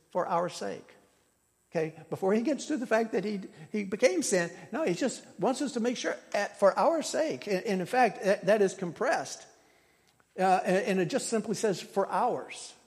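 High-voiced preacher in a reverberant hall. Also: male voice, animated, normal speed, a little mellow. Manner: teaching, emphatic with repetition. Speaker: pastor. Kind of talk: sermon.

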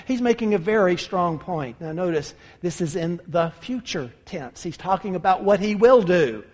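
Preacher, male, high voice, emphatic sermon delivery, reverberant hall sound. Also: expressive, moderate pace, few pauses. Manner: emphatic, addresses listeners as brothers and sisters.

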